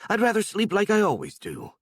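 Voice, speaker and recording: A man's voice: sits high, huge pitch swings, fairly quick, dry recording, studio quality, voice pushed up, heavily acted. A man voicing a smug monster queen, a man stuck in a young woman's body, in an audiobook. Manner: smug, then easily surprised.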